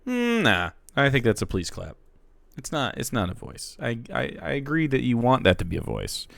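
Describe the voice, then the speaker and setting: A man's voice: mid-range voice, sing-song, moderate pace, creaky, fairly bright tone, no echo. A man streaming, reacting to a clip with casual, sarcastic, profane commentary. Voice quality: casual, sarcastic, swears freely.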